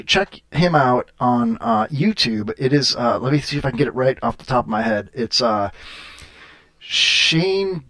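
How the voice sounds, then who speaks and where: A man's voice: mid-range voice, a bit bright. A man hosting a casual podcast, chatting with callers, rambling with lots of fillers and frequent laughter. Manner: rambling, full of "uh" and laughter, crude jokes. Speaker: podcast host.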